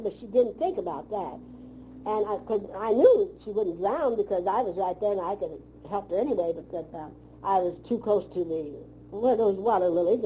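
A woman's voice: medium pitch, dark tone, slight background noise, low-quality recording. An older woman reminiscing in a rambling, outspoken way, telling old family stories in folksy phrasing during an interview. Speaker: oral history interviewee.

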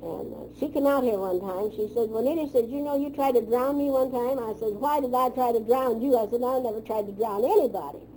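An older woman spins long, wandering stories about her past with a frank, outspoken tongue and homely turns of phrase. Her voice sits fairly high yet sounds mellow and soft-edged, with a faint hiss of noise under it. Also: brisk, hardly any pauses, poor audio. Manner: outspoken, chatty, with folksy phrasing. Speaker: oral history interviewee. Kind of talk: rambling reminiscing storytelling.

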